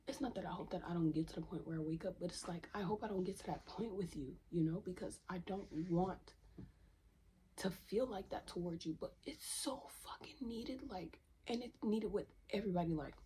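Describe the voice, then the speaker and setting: A woman's voice: mid-range voice, dark tone, a little hiss or hum. A young woman venting to camera in a candid self-help rant, profane and emphatic, repeating lines for stress and dropping into whispers. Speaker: vlogger.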